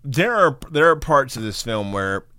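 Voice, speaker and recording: A man's voice: mid-range voice, sing-song, moderate pace, pushed and bright, dry recording, studio quality. A man co-hosting a casual film chat, giving blunt opinions and laughing often. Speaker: podcast co-host.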